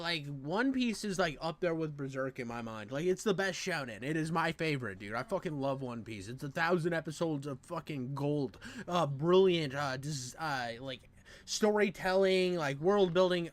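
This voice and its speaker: A man from the United States, co-hosting a commentary show, rants loudly and profanely, rambling and restarting often. His voice is a little high, and the recording is dry.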